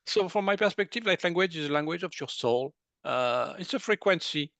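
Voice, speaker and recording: A man with a French accent, a guest in an interview, talking in an animated, casual way and often laughing. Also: on the high side, moderate pace, gravelly, no echo. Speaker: guest, medical intuitive.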